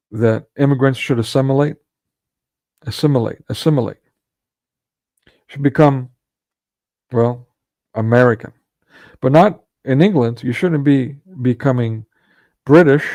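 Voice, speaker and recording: A man's voice: mid-range voice, dark tone, dry recording. A man delivering a ranting monologue commentary, sarcastic and scornful, breaking into mocking laughs.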